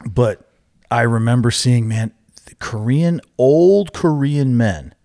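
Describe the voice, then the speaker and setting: A man's voice: medium pitch, takes it slowly, gravelly. A man talking as a podcast guest, telling stories casually with many restarts and acted-out quotes. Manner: animated, acts out quotes, rambling with restarts. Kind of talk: casual storytelling.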